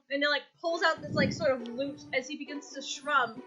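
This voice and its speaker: A woman with a high voice runs a tabletop game, narrating the scene in a loose, rambling way. She pads her sentences with fillers and restarts as she goes. Music plays clearly underneath. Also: fairly even intonation, fast, few pauses, bright, forceful tone, dull audio. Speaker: game master.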